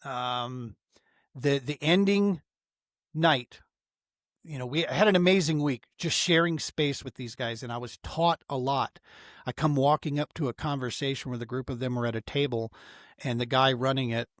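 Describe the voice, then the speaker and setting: A man's voice: medium pitch, normal speed, a bit bright, no echo, clean studio sound. A middle-aged man telling a heartfelt story as a podcast guest, earnest and emotional, often saying "man" and restarting his sentences. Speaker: podcast guest, outdoor therapy founder. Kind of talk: casual storytelling in a podcast interview.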